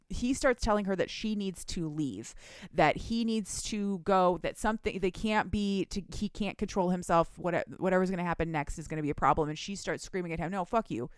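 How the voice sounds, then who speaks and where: A young woman chats casually on a podcast, retelling a story with animated energy and frequent laughter. Her voice sits at a middle pitch. The sound is dry and close, with no room echo. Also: normal speed, clean tone. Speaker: podcast co-host recapping a book. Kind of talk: casual chat.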